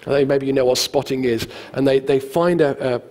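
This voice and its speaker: A man's voice: medium pitch, brisk. Man preaching in a reverberant hall. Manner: conversational, animated storytelling with acted quotes. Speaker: pastor. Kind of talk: sermon. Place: church hall.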